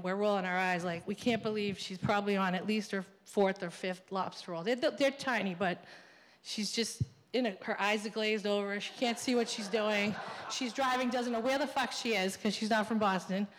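A woman telling a funny, profane personal story live on stage at a story slam. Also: medium pitch. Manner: animated, profane, laughing at her own story. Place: theater stage. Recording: long theater reverb.

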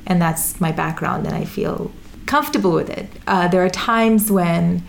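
A young woman with an American accent, originally from Sudan and raised in Dubai and Jeddah, thoughtfully tells her own story as an interview guest. Her reflective, conversational storytelling is full of restarts and "you know." Her voice is lowish and gravelly, at a moderate pace.

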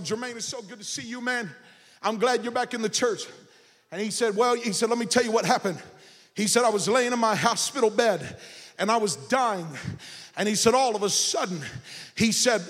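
A man pastor preaching a sermon, building from casual storytelling into shouted and sung phrases. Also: high voice, in a large hall. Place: church sanctuary.

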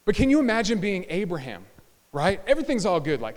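Animated high-voiced male pastor preaching. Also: fast. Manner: animated, joking, audience asides. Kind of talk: sermon. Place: church sanctuary. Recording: church hall reverb.

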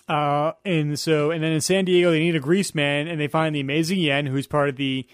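A man's voice: a little high, fairly even intonation, normal speed, smooth. A young man, a podcast guest, casually retelling movie scenes and acting out bits of dialogue.

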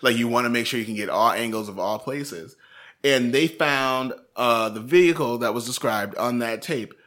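A young man co-hosting a casual true-crime podcast, telling the story playfully with sudden high squeaks, his throat a little sore. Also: moderate pace, a bit bright. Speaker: podcast co-host.

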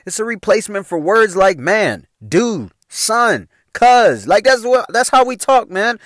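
A man with a Chicago accent tells a comedic story on his podcast. His voice sits a touch high and bounces all over, full of slang, swearing and laughter at his own jokes. The sound is dry and close, with no room around it. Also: sing-song, a little slow, fairly bright tone, dry recording. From Chicago area, Illinois. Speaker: podcast host.

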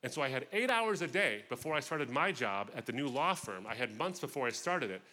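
A man giving a personal testimony talk at a festival, telling his story with expressive, vivid asides. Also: mid-range voice, fairly quick. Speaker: guest speaker.

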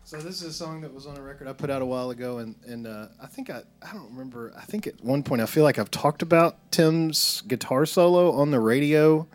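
A man's voice: fairly high pitch, brisk, hardly any pauses. A man, a guest musician, rambling and laughing self-deprecatingly as he sets up a song. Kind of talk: chatting before a song. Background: guitar playing.

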